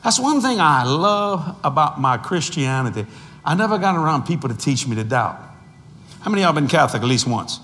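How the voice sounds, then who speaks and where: A man in his sixties preaching a sermon, animated and storytelling, with sudden shouts and slow, drawn-out emphasis on key phrases. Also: on the high side, in a large hall, a little hiss or hum. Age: 60s.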